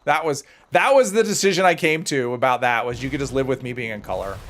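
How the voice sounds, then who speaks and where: A man's voice: mid-range voice, animated, fast talker, fairly bright tone. A man streaming a game live, chatting casually while he plays and rambling through viewer comments with self-deprecating humor. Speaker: gaming livestreamer.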